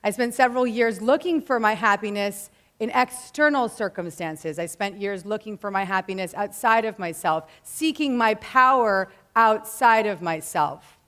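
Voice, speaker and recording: A woman's voice: mid-range voice, moderate pace, hardly any pauses, fairly bright tone. A woman in her thirties giving an earnest inspirational talk to a live audience, mixing casual slang with spiritual phrasing. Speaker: motivational speaker.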